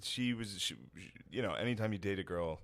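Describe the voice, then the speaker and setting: A man's voice: fairly low pitch, a little fast. A man co-hosting a casual podcast, making dry sardonic jokes. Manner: sardonic, joking asides. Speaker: podcast co-host.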